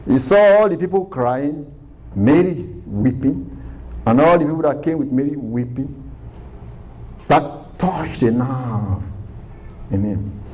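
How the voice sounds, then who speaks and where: A man's voice: on the high side, dark tone, poor audio. A man preaching a sermon, earnest and repeating phrases for emphasis.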